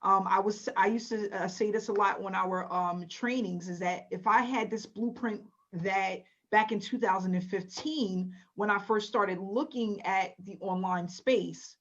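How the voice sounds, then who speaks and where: A woman hosting an online webinar, upbeat and encouraging with her audience. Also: medium pitch. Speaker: webinar host. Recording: dull lo-fi webinar audio.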